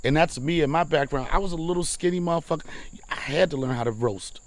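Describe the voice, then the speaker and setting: High-voiced man telling rowdy stories. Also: quick pace. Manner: loud, profane storytelling with frequent laughs. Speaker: podcast host. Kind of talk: casual chat.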